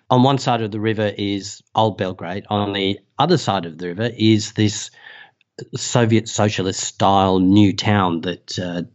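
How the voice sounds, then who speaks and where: An Australian man, a travel safety writer, telling a story in a casual, animated way and laughing often. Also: on the low side, highs cut off. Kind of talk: casual anecdote.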